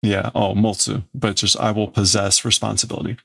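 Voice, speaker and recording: A man's voice: on the low side, little pitch movement, brisk, vocal fry, few pauses, a bit bright. A man hosting a stream, translating a comic aloud word by word, hesitant and full of fillers. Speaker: livestream host translating manga.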